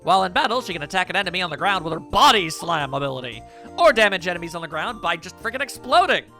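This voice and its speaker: A man joking his way through a video game with silly exclamations and a lively, bouncing delivery. His tone is bright, and soft game music plays under him. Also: sits high, fast talker. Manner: goofy, jokey, silly exclamations. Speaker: let's play commentator. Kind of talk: casual gameplay commentary.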